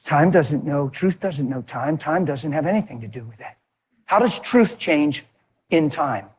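A man delivering a sermon through a personal story, his voice a touch high and noticeably husky. He slips into the voices of the people in his story, swinging from forceful passages to hushed, intimate ones. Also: lively intonation, a little slow, in a large hall. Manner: acts out dialogue, swings from loud to hushed. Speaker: preacher.

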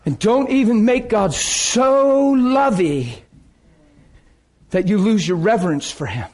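High-voiced fervent male preacher. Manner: fervent, emotional, swings from loud outbursts to hushed intensity. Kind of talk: sermon.

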